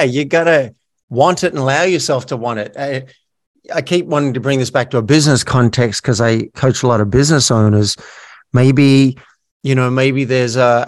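Male guest, coach turned actor, energetic candid storyteller, mid-range voice. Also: mid-range voice. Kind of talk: casual storytelling interview.

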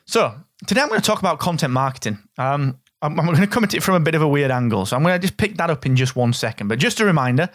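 A middle-aged man with a Northern English accent, hosting a solo business podcast in an energetic, straight-talking, jokey way. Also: fairly high pitch, very fast, hardly any pauses, no room sound, clean studio sound. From Northern England. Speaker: podcast host.

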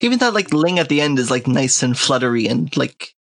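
A man's voice: mid-range voice, sing-song, brisk, vocal fry, fairly bright tone. A man co-hosting a podcast, chatting casually with dry, witty quips. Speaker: podcast co-host. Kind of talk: casual chat. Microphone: home recording.

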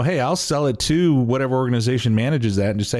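A man's voice: medium pitch, fast, a little mellow. A man hosting a podcast in casual chat, rambling and poking fun at himself as he talks. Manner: rambling, self-mocking, trails off and restarts. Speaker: podcast host.

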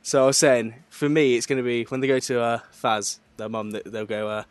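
Young bloke hosting a podcast, banter-heavy, laughs a lot, remote call. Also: male voice, medium pitch, steady tone, no echo. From southern England. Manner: jokey, chatty banter, quick to laugh. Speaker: podcast host. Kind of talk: casual chat.

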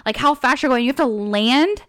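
Female co-host with a smooth voice, an animated storyteller who acts out quotes. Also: sits high, a little fast. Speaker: podcast co-host. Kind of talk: casual chat.

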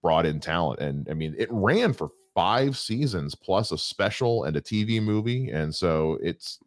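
A young adult man co-hosts a podcast, chatting casually in a low-pitched, animated, unhurried voice with no room sound. He's wry and rambling, restarting his sentences many times.

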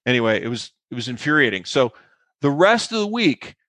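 Guy actor spinning a set story, mid-pitch voice, dry close sound, lots of "you know". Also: brisk, no room sound. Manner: animated anecdote teller, acts out quotes, many fillers. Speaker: guest actor. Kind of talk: storytelling interview.

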